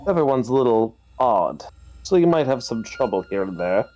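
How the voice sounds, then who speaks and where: A man voicing a brisk, kindly female deputy director in a video game, speaking in a friendly and reassuring way. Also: medium pitch, sing-song, a little mellow, natural voice. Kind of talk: reading video game dialogue aloud.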